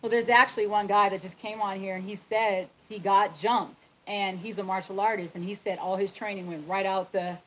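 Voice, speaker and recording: A woman reading out viewer comments on a live stream in a quick, offhand way. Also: medium pitch, fairly even intonation, a little hiss or hum, low-quality recording. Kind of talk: casual chat.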